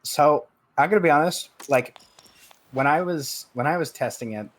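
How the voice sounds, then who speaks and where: A man's voice: on the high side, normal speed. A man, a guest streamer in a casual gaming chat, who rambles with many restarts and fillers.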